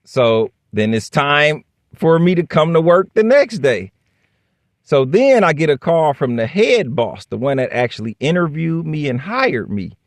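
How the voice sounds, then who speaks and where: A man's voice: on the high side, big pitch swings, a little slow, dry recording. A man casually telling a workplace story straight to the camera, blunt and profane, acting out both sides of the dialogue. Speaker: vlogger.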